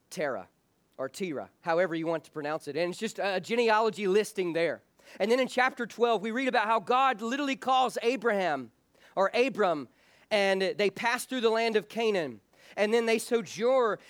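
A man's voice: sits high, fairly bright tone, clear, resonant tone, no room sound. A man preaching a sermon as pastor, speaking earnestly and frankly, often restarting his phrases.

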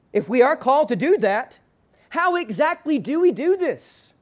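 High-voiced male pastor preaching. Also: lively intonation. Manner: preacher leading the congregation in call-and-response, slowing hard on the key phrase; drops low and soft at the ends of phrases. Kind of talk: sermon. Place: church sanctuary with a screen behind him.

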